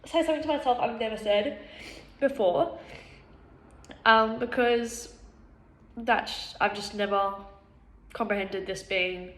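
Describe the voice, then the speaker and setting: Woman vlogger, candid self-reflection, blunt and sweary, laughs a lot, slightly high voice, echoey room.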